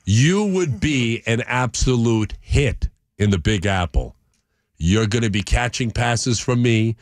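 A man doing a smooth-talking veteran quarterback. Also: mid-range voice, takes it slowly, no echo, studio quality. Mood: persuasive. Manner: flattering, salesy.

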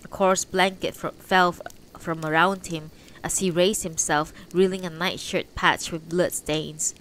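A woman's voice: on the low side, steady tone, a little slow, fairly bright tone, slight background noise, poor audio. A woman reading a novel aloud on a livestream, unpolished, correcting her slips as she goes. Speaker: audiobook reader on a livestream.

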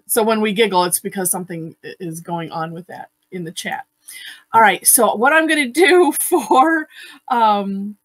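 Hosting an online drawing class over a video call, a woman with a high-ish voice teaches casually, chatty and giggly, full of fillers and restarts. The recording is dry.

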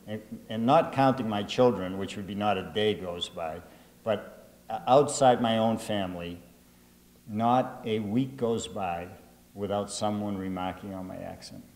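A man's voice: lowish voice, moderate pace, a little mellow, long reverb tail. Earnest man with a Boston accent. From Greater Boston. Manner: earnest, restarts his sentences often. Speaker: author. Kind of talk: reflective interview and address to students.

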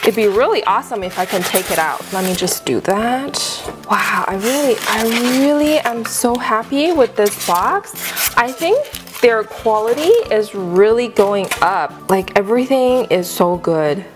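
A woman hosting an unboxing video, gushing excitedly with frequent gasps and exclamations. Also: medium pitch, unhurried, over music. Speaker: unboxing channel host. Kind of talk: casual unboxing review.

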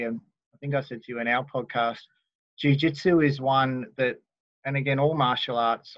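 A man's voice: mid-range voice, dry recording, muffled recording. A man hosting a podcast, easygoing and encouraging as he chats with his guest. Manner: easygoing, encouraging, laughs along. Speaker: podcast host. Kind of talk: casual podcast conversation.

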